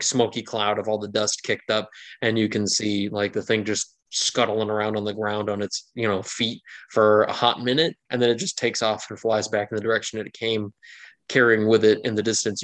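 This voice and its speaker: A man's voice: fairly low pitch, a bit bright. A man narrating as game master of a tabletop game, rambling loosely with fillers.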